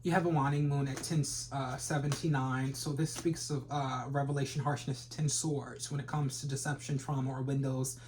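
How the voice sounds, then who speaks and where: A tarot reader talks over an audible layer of background noise and clicks. The delivery is loose and profane, full of trash talk aimed straight at viewers. The voice sits at a middle pitch. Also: flat delivery, normal speed, hardly any pauses, darkish tone. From Philadelphia. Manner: brash and profane, trash-talking with sudden laughs. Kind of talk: casual tarot reading for viewers.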